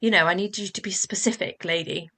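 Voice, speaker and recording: A woman's voice: on the low side, fairly quick, pushed and bright. A woman hosting a casual podcast conversation who tells chatty anecdotes and briefly acts out voices in her stories. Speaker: podcast host.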